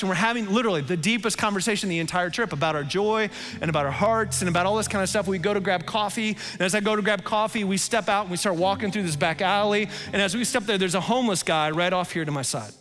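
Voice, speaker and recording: A male pastor preaching a sermon, telling stories in an animated way and laughing at himself. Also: high-pitched, big-room sound.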